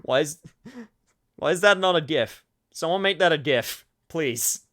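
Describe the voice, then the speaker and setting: A man's voice: on the high side, expressive, a little slow, fairly bright tone. A man casually commenting on a game he is playing, chatting to viewers and swearing now and then. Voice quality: chatty, swears, talks to chat. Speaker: streamer. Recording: faint game music behind.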